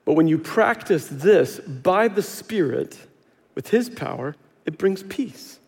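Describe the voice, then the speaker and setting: High-voiced male pastor preaching in a big hall. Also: slow pace. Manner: animated storytelling, acts out quotes, self-deprecating humor. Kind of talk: sermon. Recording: long hall reverb.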